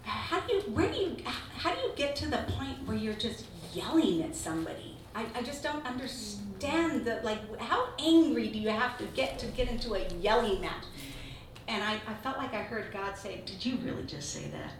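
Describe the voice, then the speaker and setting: A woman teaching a Bible study, telling personal stories in a lively, laughing way. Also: on the high side, normal speed. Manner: lively storytelling, laughing through anecdotes. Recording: echoey room from far off, noisy.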